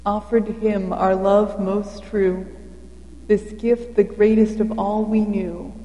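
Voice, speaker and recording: A woman's voice: mid-range voice, level tone, slow, mellow, reverberant, long reverb tail. A woman voicing a group of poor, humble mice in a storybook. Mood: earnest.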